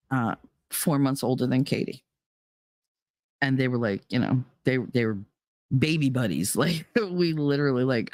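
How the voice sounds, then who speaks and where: A woman's voice: rumbling low, normal speed, long pauses, a little mellow, dry recording, clean studio sound. A woman host telling a personal story bluntly, swearing freely and speaking with heated emphasis. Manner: blunt and profane, emphatic retelling. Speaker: podcast host.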